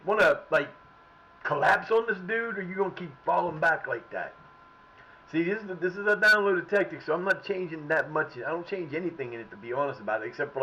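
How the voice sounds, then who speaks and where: A man's voice: on the high side, bright, forceful tone, low-quality recording. A man streaming a football management game, talking at his players, often frustrated and swearing. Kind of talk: live gameplay commentary.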